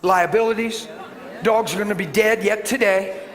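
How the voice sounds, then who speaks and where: Animated high-voiced preacher. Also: male voice, measured pace. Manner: animated storytelling, swings from loud bursts to hushed tones. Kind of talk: sermon with personal story. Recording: reverberant hall with faint background hiss.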